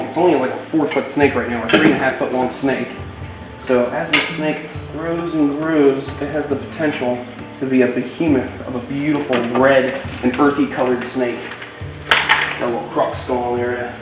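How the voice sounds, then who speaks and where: A man hosting a casual vlog as a reptile keeper, often cooing at his snakes in a high, excited voice. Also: noisy background. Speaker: reptile keeper and channel host. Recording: roomy, distant, music behind.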